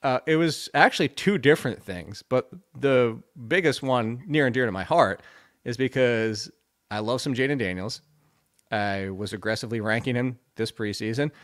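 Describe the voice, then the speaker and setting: A man's voice: medium pitch, moderate pace. A man in casual podcast chat, ranting in a fired-up way and tripping over his words. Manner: fired-up ranting, tongue-tied, laughing at himself. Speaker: fantasy football analyst.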